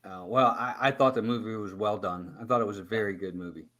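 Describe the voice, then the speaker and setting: A man's voice: lowish voice, fast, a bit bright. A man chatting casually about movies, arguing his points.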